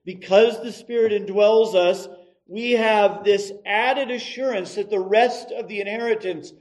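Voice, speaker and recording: A middle-aged man delivers a sermon at an unhurried pace, his voice sitting a little high for a man. He tells stories with animation, rising to loud emphasis, then dropping into quiet, offhand asides. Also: fairly even intonation, rough recording. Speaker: pastor.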